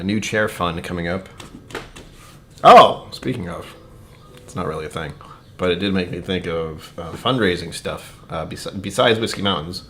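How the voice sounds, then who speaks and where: A man's voice: sits low, a bit bright, a little hiss or hum. A man streaming a casual whiskey tasting, rambling to his viewers and muttering asides that sink to near-whispers. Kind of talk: casual livestream chat.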